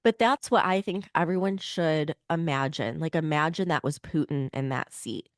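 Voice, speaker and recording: A woman's voice: low-pitched, normal speed, no echo, clean studio sound. Blunt, nasal-voiced woman podcast host. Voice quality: nasal, sick-sounding. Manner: blunt, opinionated, many "like" fillers. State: voice strained from illness. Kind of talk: casual political chat.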